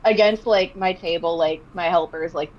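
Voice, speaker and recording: Woman, animated casual storytelling, muffled lo-fi audio. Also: normal speed, a loud crowd. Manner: animated, acts out quotes in a high excited voice. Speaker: artist guest.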